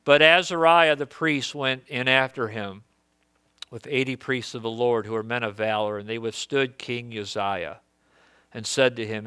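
Earnest male preacher, bright clear voice. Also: mid-range voice, moderate pace, no echo. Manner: earnest, conversational preaching with frequent restarts. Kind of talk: sermon.

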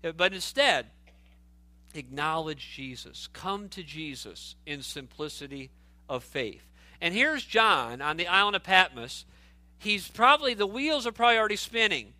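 A man's voice: high voice, expressive, normal speed, sharp tone, dry recording. A man preaching a sermon, earnest and emphatic, often restarting phrases and adding asides to his listeners.

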